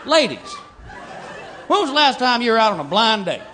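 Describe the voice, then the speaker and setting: A man's voice: very high-pitched, sing-song, brisk, pushed and bright. A man with a Texan accent performing a stand-up comedy routine, drawling through stories and acting out dumb characters before a live audience. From Texas. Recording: live show with crowd laughter and noise.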